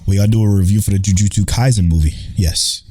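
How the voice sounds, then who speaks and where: A man co-hosting a podcast in relaxed chat, telling stories with plenty of swearing. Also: lowish voice, quick pace, slightly rough. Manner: laid-back storytelling, swears freely. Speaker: podcast co-host. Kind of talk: casual chat.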